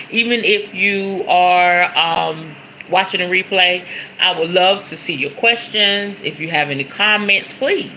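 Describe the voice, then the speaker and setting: A woman's voice: mid-range voice, sharp tone, a little hiss or hum, rough recording. A middle-aged woman hosting a casual spiritual livestream from home. She chats directly to her viewers, repeats her words and keeps saying y'all. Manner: chatty, repeats words, often says y'all. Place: at home, in front of a decorated backdrop.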